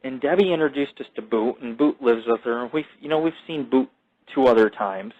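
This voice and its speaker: A man holds forth on his own show in a loose, wandering monologue, his pitch sitting in an ordinary middle range. He swears freely and drifts from one tangent to the next. He stumbles through repeated fillers and sentence restarts. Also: a little fast, phone-quality sound. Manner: profane, digressive, self-mythologizing. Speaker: podcast host. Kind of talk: rambling casual monologue.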